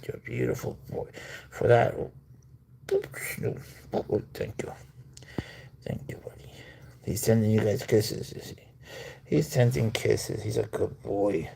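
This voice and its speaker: A man's voice: on the low side, steady tone, slow, creaky, pauses often, mellow, slight background noise. A man hosting a casual livestream, cooing to his pet cat and reading out viewer comments. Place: at home.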